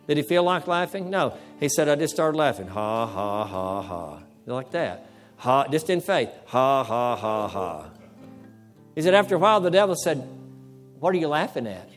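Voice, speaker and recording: High-voiced pastor preaching emphatically. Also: male voice. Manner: emphatic, repeats phrases, acts out dialogue with the devil. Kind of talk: sermon.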